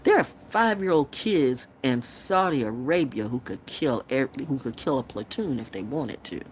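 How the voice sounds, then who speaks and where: A woman's voice: a bass voice, lively intonation, normal speed, slight background noise. A woman from North Carolina, hosting a tarot livestream and delivering an unscripted, profane, confrontational rant.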